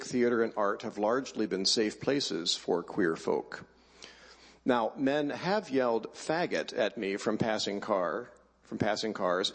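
Husky middle aged guy, wry storytelling speech, big reverby hall. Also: on the low side. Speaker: speaker introducing a choir. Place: hall at a choir event.

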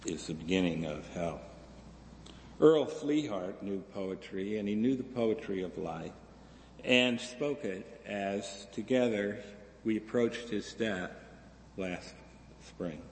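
Brief: male minister, sermon delivery, slow and unhurried, gravelly low voice, recorded in an echoey hall. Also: slight background noise. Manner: slow and reflective, with lively voices for quoted figures. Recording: echoey hall, slightly distant.

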